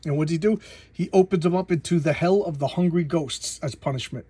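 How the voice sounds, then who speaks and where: Husky man recapping a comic, rambling. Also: on the high side, a little fast, warm tone, dry recording. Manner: rambling, with many restarts and repeated words. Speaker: comic book reviewer. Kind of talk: casual plot recap.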